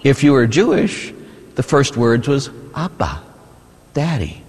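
A man's voice: medium pitch, very animated, unhurried, a little mellow, husky, big-room sound. A man from the United States, a Catholic priest, preaching a conversational sermon full of rhetorical "huh?" asides.

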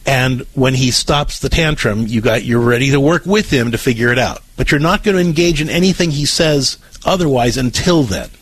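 Calm man hosting a radio advice show. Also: mid-range voice, normal speed, few pauses, breathy edge, dry recording, low-quality recording. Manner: calm, explanatory, repeats words when starting phrases. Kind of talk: call-in advice.

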